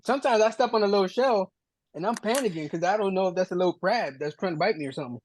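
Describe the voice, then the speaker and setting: A man's voice: sits high, lively intonation, fast talker, a little hiss or hum. A man co-hosting a casual sports podcast in a laid-back, joking way. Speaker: podcast co-host.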